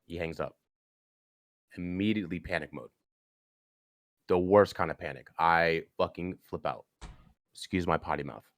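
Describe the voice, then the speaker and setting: A young man on a podcast, telling a personal story earnestly, haltingly, with frequent restarts. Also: deep voice, no room sound. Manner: earnest, halting, with many restarts and "you know". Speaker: podcast guest.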